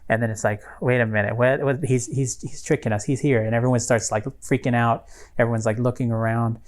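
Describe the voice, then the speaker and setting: A man's voice: mid-range voice, steady tone, fairly quick, darkish tone. A man co-hosting a podcast, telling a story in casual chat, rambling with many fillers and restarts. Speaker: podcast co-host.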